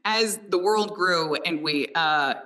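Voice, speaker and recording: A woman's voice: lowish voice, slow pace, pushed and bright, distant mic. A woman who narrates audiobooks talking casually and enthusiastically, often laughing. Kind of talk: casual conversation.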